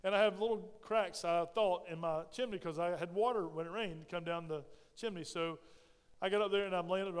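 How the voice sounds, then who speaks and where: A man's voice: sits high, fairly even intonation, brisk, clean tone, in a large hall. A male pastor preaching a sermon in a folksy, storytelling way, often checking in with "right?". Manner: frequent "right?" check-ins.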